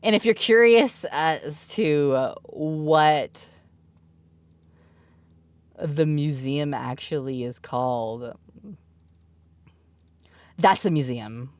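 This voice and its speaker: With a low-pitched voice, very slow delivery and long pauses, a mother in her thirties chats casually on her stream. She giggles a lot while telling her stories, and the audio has no echo.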